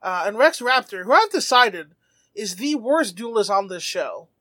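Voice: medium pitch, sing-song, normal speed, pushed and bright, no echo. A podcast host recapping an episode in casual comedic chat, jumping into silly character voices as the story goes.

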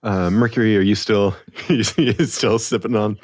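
A man's voice: on the low side, measured pace, dry recording, clean studio sound. A man running a tabletop game as game master, easygoing and hesitant, often laughing.

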